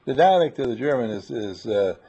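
A man with a gravelly, husky voice talks in a loose, rambling, playful way, stopping and restarting as he goes. His tone is dark and mellow, and the lo-fi recording sounds dull. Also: mid-range voice, animated, a little fast. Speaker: seminar leader. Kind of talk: casual group conversation.

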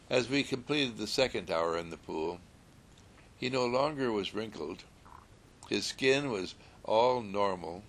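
Low gravelly guy, slow soothing sermon talk, gentle and repetitive.

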